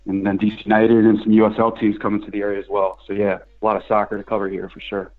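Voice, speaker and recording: A man's voice: lowish voice, completely flat delivery, racing. A man calling in as a guest on a phone line, hedging with fillers and repeating phrases. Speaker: guest, soccer site runner. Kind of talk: phone interview. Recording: tinny phone line, faint music.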